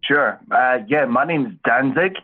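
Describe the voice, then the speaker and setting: A man's voice: mid-range voice, a little slow. A Scottish man in his thirties, calling in and chatting casually, with a friendly, rambling way of talking. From Scotland. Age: 30s. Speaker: caller. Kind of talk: casual chat. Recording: tinny phone line.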